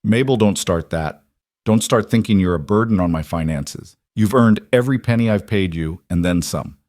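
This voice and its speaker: A man's voice: on the low side, moderate pace, darkish tone, dry recording, clean studio sound, close to an everyday voice. A man voicing a plain-spoken, protective frontier trapper in a storybook reading. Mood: reflective.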